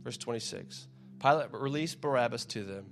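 A man's voice: mid-range voice, moderate pace, faint music behind. A man preaching in a casual, conversational way, reading scripture aloud and often repeating his words as he goes. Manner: conversational, repeats words, acts out crowd shouts.

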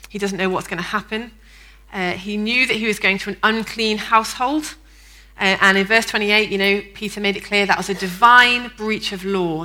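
Bright-voiced woman pastor preaching. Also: mid-range voice, rough recording. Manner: conversational storytelling with fillers; lively, acts out the people in the story. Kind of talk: sermon.

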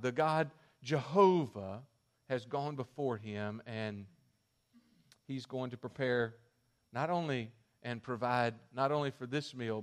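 A male pastor preaching a sermon in an animated, conversational way. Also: medium pitch.

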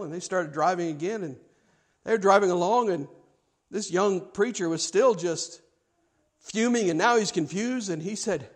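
A male pastor with a notably high voice preaches to his congregation. He tells the story with building excitement and gets louder as it goes, then drops to a soft, slow hush for the prayer. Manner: animated storyteller, rising loud in the tale, hushed and slow in prayer. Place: church sanctuary, live streamed.

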